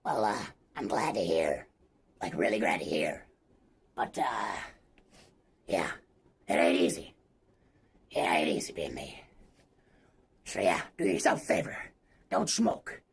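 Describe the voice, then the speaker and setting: Very deep, gravelly male streamer with a deadpan, mock-serious delivery. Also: a little slow, long pauses. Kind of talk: joking aside to stream chat.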